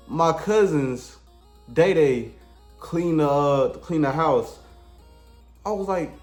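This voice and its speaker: A man's voice: fairly high pitch, lively intonation, takes it slowly. A man telling a crude comedic story in a laid-back, slangy, rambling way. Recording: echoey room with faint music.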